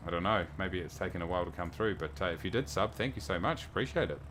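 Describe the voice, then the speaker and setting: Low-voiced New man chatting on stream. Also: animated, fast talker, fairly bright tone, a little hiss or hum. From New Zealand. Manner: chatty, reads viewer messages aloud and thanks them. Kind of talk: casual livestream chat.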